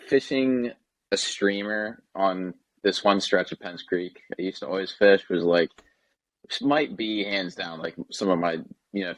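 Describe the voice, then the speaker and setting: Young adult male guest, lowish voice, lively anecdotal chat. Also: no room sound, poor audio. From Maryland, United States. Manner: animated storytelling, laughs while talking. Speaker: podcast guest, filmmaker. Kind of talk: casual chat.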